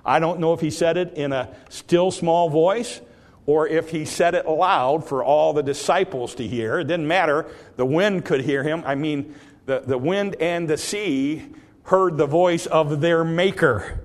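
A pastor delivering a sermon in a somewhat high voice for a man. He retells the story in a relaxed, folksy way, full of fillers and restarts. Now and then he bursts out with loud, dramatic quotes. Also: takes it slowly.

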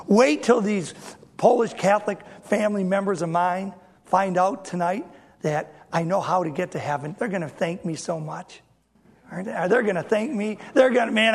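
High-voiced man preaching with storytelling zeal. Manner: storytelling, acts out family dialogue, bursts into loud emphasis. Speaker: pastor. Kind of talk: sermon.

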